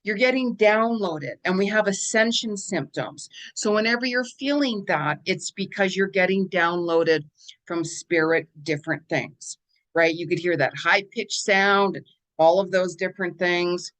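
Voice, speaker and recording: A woman's voice: fairly low pitch, unhurried, fairly bright tone. A woman hosting a spiritual guidance channel, talking casually through a weekly forecast in a chatty, rambling way and repeating words for emphasis.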